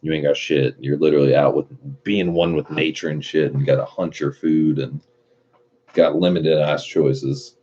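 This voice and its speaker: A man with an extremely deep, dark voice chats in a loose, swearing, laid-back way, reading out chat messages. His tone is husky, and the recording sounds muffled and lo-fi. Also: fairly even intonation, normal speed. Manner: laid-back, profane, laughs often. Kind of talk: casual chat.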